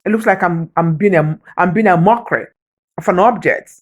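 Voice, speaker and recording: In dull audio, a woman vlogger with a fairly low pitch speaks briskly. She makes an emotional, preacher-like appeal, pleading and repeating phrases for emphasis as she says her heart is broken.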